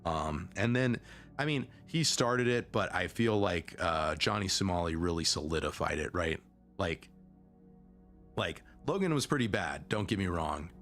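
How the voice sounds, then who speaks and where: Young male streamer, low voice, loose rambling chat, faint music bed. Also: expressive, a little slow, fairly bright tone. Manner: rambling, self-interrupting, conversational. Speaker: vtuber streamer. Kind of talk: casual stream commentary.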